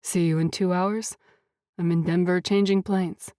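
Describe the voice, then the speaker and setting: A woman's voice: lowish voice, steady tone, unhurried, dark tone, dry recording, studio quality, natural voice. Een vrouw die een zelfverzekerde rijke man speelt. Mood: assured, flirty. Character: confident wealthy man with a deep voice.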